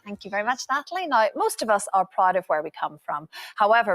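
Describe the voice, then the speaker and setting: Woman host, brisk and friendly, dry studio sound. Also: medium pitch, fairly bright tone, dry recording. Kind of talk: presenting a panel talk show.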